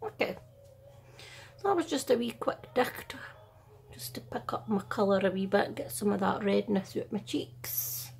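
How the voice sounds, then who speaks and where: Here the Scottish woman, a middle-aged makeup artist, is animated and gravelly at medium pitch and moderate pace, with some hiss or hum in the audio. She keeps up her soft, half-whispered, self-deprecating chatter while doing a makeup tutorial at home.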